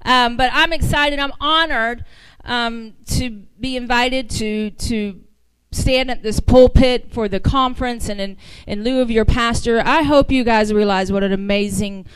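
A woman's voice: a little high, measured pace, smooth, no echo, low-quality recording. Fervent Southern woman preaching from a pulpit. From American South. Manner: conversational, rising to fervent exhortation. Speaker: guest speaker. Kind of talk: church sermon. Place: church sanctuary.

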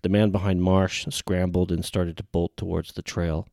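A man narrating an audiobook in a steady, even reading. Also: low-pitched, moderate pace, dry recording, clean studio sound.

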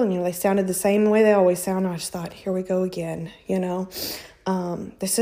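A woman's voice: fairly low pitch, fairly quick. A woman in her thirties casually telling a personal story, acting out what people said. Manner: animated, quotes people in raised voices.

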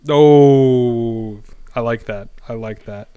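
A man's voice: medium pitch, smooth, no room sound, highs cut off. A man co-hosting a casual sports podcast, rambling and hesitant, often poking fun at himself. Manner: rambling, halting, self-deprecating. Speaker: podcast co-host.

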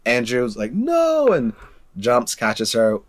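A young man in relaxed conversation, breaking down movie moments with lots of enthusiasm. He stumbles over words, repeats himself and fills gaps with ums. His voice sits at an ordinary, mid-range pitch. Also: normal speed. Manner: animated retelling with frequent fillers and repeated words. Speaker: movie discussion co-host. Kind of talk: casual chat.

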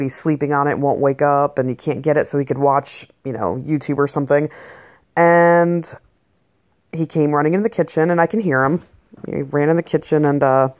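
A woman in her forties with a notably low voice tells stories about raising her boys. She rambles casually, swears freely and fills her talk with "like" and "you know," sounding blunt and unfiltered. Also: darkish tone. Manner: rambling, blunt and profane with lots of fillers. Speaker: mother of boys. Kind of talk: casual personal monologue.

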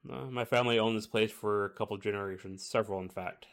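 A gruff, proud bartender, played by a man in a tabletop game. He speaks in short, forceful lines in a low voice. He sounds curt and unimpressed. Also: steady tone, fast. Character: gruff, proud middle-aged male bartender.

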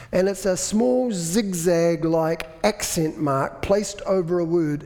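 A man's voice: fairly high pitch, a little mellow. A man preaching a sermon, explaining things in a conversational way with dry self-deprecating humor. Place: church. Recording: echoey hall.

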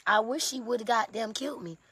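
A woman's voice: on the high side, brisk, fairly bright tone, slightly rough. A woman in an emotional confessional vlog, exhausted and sleepless, talking in raw, profane outpourings. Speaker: vlogger.

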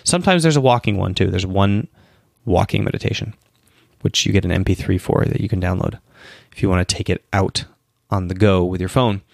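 A podcast host with a low-pitched voice and vocal fry talks briskly in a casual solo Q&A show, recorded in a clean studio with no echo. Tired and yawning early in the morning, he answers questions at length with restarts and asides.

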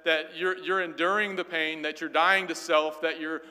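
A man's voice: fairly high pitch, little pitch movement, moderate pace, sharp tone. A man teaching a Sunday school Bible class in an earnest, emphatic way, often repeating words as he goes. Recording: long hall reverb.

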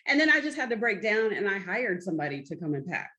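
A woman co-hosting a podcast in casual chat, telling relaxed anecdotes with laughs. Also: mid-range voice, fast talker. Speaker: podcast co-host.

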